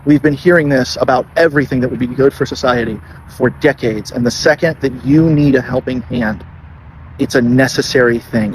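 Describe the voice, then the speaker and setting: A man's voice: medium pitch, normal speed, rough recording. Indignant man ranting outdoors by traffic. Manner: indignant, repetitive, accusing. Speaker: commentator. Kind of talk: passionate political rant.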